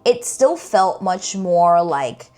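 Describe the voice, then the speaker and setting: A young woman talking casually to camera as a TV reaction vlogger, animated and exasperated, filling her speech with "like" and "girl". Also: on the low side, slow pace.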